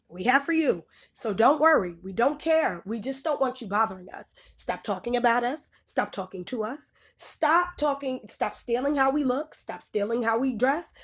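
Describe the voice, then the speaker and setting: Blunt, heated woman ranting. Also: a little high. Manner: blunt, profane, emphatic, repeats phrases. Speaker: video creator reacting to clips. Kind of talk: heated reaction rant.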